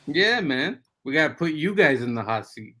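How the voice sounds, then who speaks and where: A man's voice: on the high side, sing-song, normal speed, sharp tone. A man guesting on a casual livestream, chatting in an easygoing way with plenty of "you know" and "man". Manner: easygoing, chatty, full of fillers.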